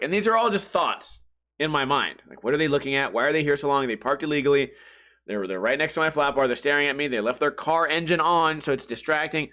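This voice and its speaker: A man's voice: fairly high pitch, expressive, quick pace, bright, forceful tone. A man hosting a podcast, telling a crude, rambling comedic story and laughing at his own jokes. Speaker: podcast host. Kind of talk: casual comedic monologue.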